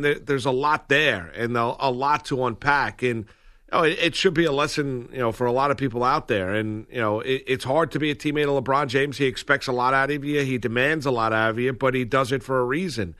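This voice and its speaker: Bright-voiced rambling sports radio host. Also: male voice, mid-range voice, no room sound, clean studio sound. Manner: rambling, lots of fillers and restarts.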